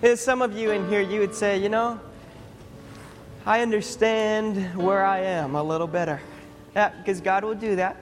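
A young adult man, a pastor, preaching a sermon in a conversational, animated storytelling manner. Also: high-pitched, normal speed. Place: church sanctuary. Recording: long hall reverb, faint music.

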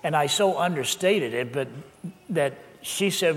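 Older male pastor with a slightly high voice who tells anecdotes with laughs, recorded with long church-hall reverb. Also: a little slow. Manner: lively anecdotal telling, with laughs. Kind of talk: sermon storytelling.

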